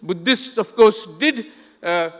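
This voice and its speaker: Older indian guy giving a talk, high bright voice, lots of uhs, big hall echo. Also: takes it slowly. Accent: Indian English. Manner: conversational lecturing with frequent fillers and restarts. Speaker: festival speaker. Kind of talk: illustrated talk with slides. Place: large lecture hall. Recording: echoey hall with long reverb.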